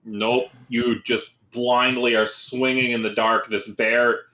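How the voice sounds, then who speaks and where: A man narrating as game master in a tabletop game, relaxed and descriptive, laughing easily at the players. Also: mid-range voice, slow. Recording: echoey room.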